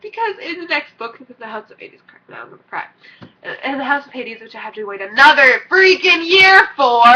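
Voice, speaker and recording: Squealing excitable teen girl vlogger. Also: high voice, moderate pace, long pauses. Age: teens. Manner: excitable, rambling, squealing fan. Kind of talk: gushing casual vlog. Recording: dull lo-fi recording.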